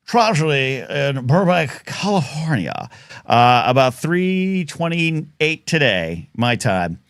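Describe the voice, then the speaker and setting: A man's voice: medium pitch, fairly bright tone, no echo, clean studio sound. A man in his fifties hosting a live talk show, rambling and jokey with bursts of mock outrage. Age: 50s.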